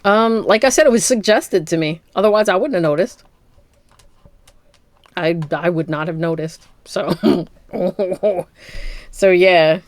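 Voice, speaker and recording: Woman rambling about movies with a low voice, dry close sound, laughs a lot. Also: a little slow, pauses often, no echo. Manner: rambling, playful, laughs often. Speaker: podcast co-host. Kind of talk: casual chat.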